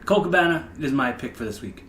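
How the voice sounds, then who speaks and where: A man guesting on a casual podcast, telling stories in an animated way. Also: on the high side, a little fast, reverberant, a little hiss or hum. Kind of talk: casual chat.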